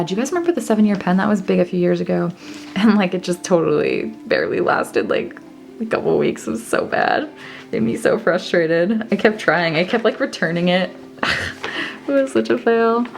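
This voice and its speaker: Young woman vlogger, lower pitch, vocal fry, rambling journal flip-through, faint music underneath. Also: a little mellow. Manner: rambling, reads journal entries aloud between asides.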